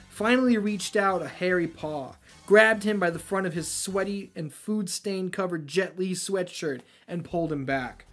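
A man reading a novel aloud as host, breaking off for sarcastic asides. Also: sits high. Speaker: reader and host.

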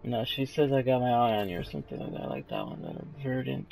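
A tired young man giving casual, low-key gameplay commentary into a headset mic, trailing off with fillers. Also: very animated, quick pace, gravelly, a little mellow, faint music behind. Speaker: gaming YouTuber. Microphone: gaming headset mic.

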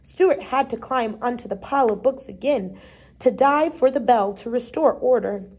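A woman reads a children's chapter book aloud in a slightly high voice. She is lively and gives each character a quick, light change of voice. Now and then she trips on a word and starts it again. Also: breathy edge. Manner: lively, brief changes of voice for the characters, occasional slips and restarts. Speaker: reader. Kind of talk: storybook read-aloud.

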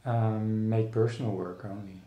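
A man's voice: lowish voice, steady tone, phone-quality sound. Man musing in an echoey room. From Netherlands. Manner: thoughtful, halting, many restarts and fillers. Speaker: artist guest. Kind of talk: casual interview conversation.

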